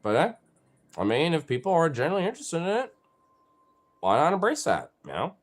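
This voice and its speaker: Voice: medium pitch, huge pitch swings, brisk. A vlogger talking casually, rambling with lots of fillers and playfully teasing and cursing at their pets. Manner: rambling, full of "you know" and "like". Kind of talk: casual vlog chat.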